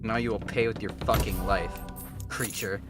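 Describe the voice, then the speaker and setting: A man putting on a loud, pompous voice as a stern, self-righteous lawman. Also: fairly even intonation, moderate pace, over music, lightly acted. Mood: menacing. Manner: loud, pompous, higher-pitched.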